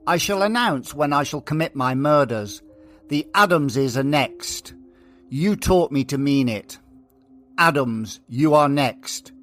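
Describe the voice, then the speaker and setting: Male podcast narrator, higher register, scripted true-crime delivery, faint music bed.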